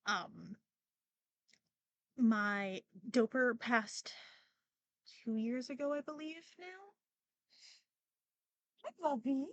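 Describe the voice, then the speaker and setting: A woman's voice: fairly high pitch, very slow, pauses often, dry recording. A young woman hosting a podcast, talking casually and emotionally with many fillers and restarts, near tears at times. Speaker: podcast host. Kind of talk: casual personal monologue.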